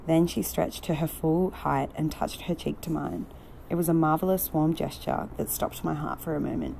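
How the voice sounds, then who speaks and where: Brief: female audiobook narrator, measured, dark mellow tone. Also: sits low, gravelly, a little hiss or hum, poor audio. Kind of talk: novel reading.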